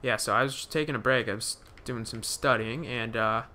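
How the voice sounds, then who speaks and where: A man's voice: medium pitch, fairly quick, pushed and bright. A young man giving live gameplay commentary, rambling with many fillers and restarts, swearing when startled. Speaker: gaming commentator.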